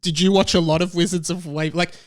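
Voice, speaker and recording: A man's voice: sits high, level tone, very fast. A young man hosting a podcast, chatting casually and rambling with stammered restarts. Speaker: podcast host. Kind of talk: casual comedic chat.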